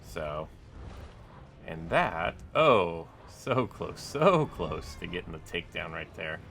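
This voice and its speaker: Low creaky-voiced guy rambling through game commentary, lots of likes and uhs. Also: sing-song, takes it slowly, a bit bright, a little hiss or hum. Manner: rambling, full of "like" and "uh" fillers. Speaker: gaming YouTuber. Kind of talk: casual gameplay commentary.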